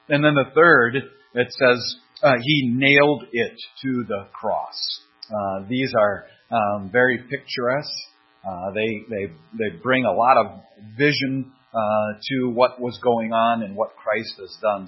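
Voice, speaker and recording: A man preaching an expository sermon, earnest and deliberate, leaning on key words as he reads and explains scripture. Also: mid-range voice, husky. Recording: dull lo-fi sermon recording.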